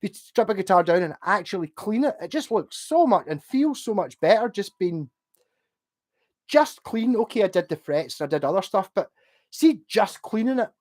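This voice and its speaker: A man's voice: sits high, sing-song, moderate pace, darkish tone. A chatty man streaming from home late at night, a few drinks in and rambling cheerfully. He hops between topics, reads out viewers' messages and breaks into easy laughs as he goes. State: drunk. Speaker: livestreamer. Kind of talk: casual livestream chat, reading out chat.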